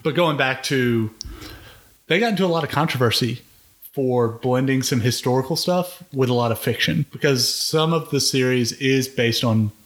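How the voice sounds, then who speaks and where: Measured man co-hosting a podcast. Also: medium pitch. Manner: measured, even-handed, hesitant restarts. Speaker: podcast co-host. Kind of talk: casual chat reviewing a TV series.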